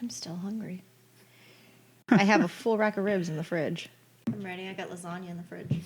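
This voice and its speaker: A woman's voice: lowish voice, steady tone, fast. A woman co-hosting a podcast in casual chat, bantering and teasing her co-hosts. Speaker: podcast co-host.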